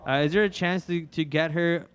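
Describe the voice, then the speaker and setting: A man's voice: on the high side, steady tone, brisk, clean tone. A young man hosting a stock trading livestream, talking in loose, rambling casual commentary with lots of fillers. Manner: rambling, chatty, filler-heavy. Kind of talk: casual live market commentary.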